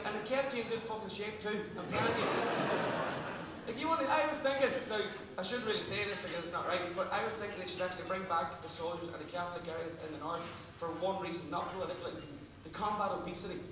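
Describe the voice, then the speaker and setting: A man with a Derry accent doing a stand-up set, talking fast and swearing as he works the crowd. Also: sits high, steady tone, noisy background. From Derry, Northern Ireland. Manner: rapid-fire, sweary banter with the crowd. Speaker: stand-up comedian. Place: comedy club stage. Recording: echoey club recording from a distance. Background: audience laughter.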